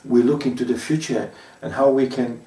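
A man preaching a sermon as pastor, telling stories in a measured way with frequent pauses and fillers. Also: mid-range voice, fairly even intonation, warm tone, roomy sound, recorded from a distance.

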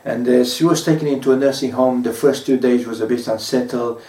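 A man preaching a sermon as pastor, telling stories in a measured way with frequent pauses and fillers. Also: medium pitch, fairly even intonation, dark tone, reverberant, far from the mic.

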